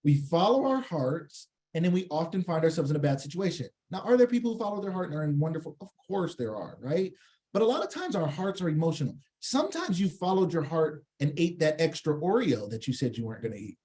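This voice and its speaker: A man giving a live online training talk, lively and jokey, acting out little scenes in changing voices and asking his audience questions. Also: on the high side, fast talker. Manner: engages the chat audience with questions. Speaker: workshop presenter.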